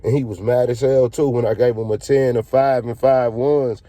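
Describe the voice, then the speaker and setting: A man's voice: mid-range voice, steady tone, moderate pace, warm tone, no echo. A man telling a casual story in a slangy, profane, laid-back way.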